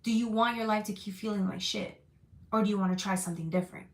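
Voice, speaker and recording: A woman giving a live tarot reading in a casual, comforting way, reading out viewer comments between cards. Her voice sits in a middle pitch. The room has a noticeable echo. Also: fairly even intonation, fast. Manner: casual, reassuring, reads chat comments aloud. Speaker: tarot reader.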